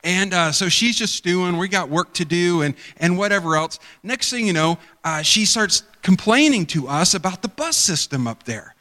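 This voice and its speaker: A man's voice: high-pitched, expressive, normal speed, hardly any pauses, bright, forceful tone. A man preaching a sermon, rambling and conversational, acting out the people in his stories. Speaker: pastor. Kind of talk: sermon with storytelling. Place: church sanctuary. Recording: long hall reverb.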